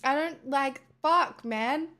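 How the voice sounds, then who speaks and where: A woman with an Australian accent talks casually to her viewers in a high voice. She rambles, swears freely and turns small gripes into mock-dramatic outbursts. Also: slow, pushed and bright. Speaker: vlogger. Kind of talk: casual chat to camera.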